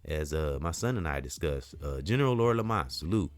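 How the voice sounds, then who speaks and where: A man's voice: very deep voice, animated, brisk. A middle-aged man talking straight to camera in a casual, earnest, rambling monologue, full of "you know" and the odd curse word. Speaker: community vlogger.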